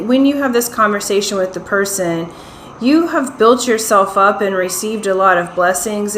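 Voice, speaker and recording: A woman talks through a pick-a-card tarot reading in an unhurried, reassuring manner. She keeps checking in with her listeners, in a voice of middling pitch. The room around her is echoey, with a faint hum of ambient noise behind her. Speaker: tarot reader.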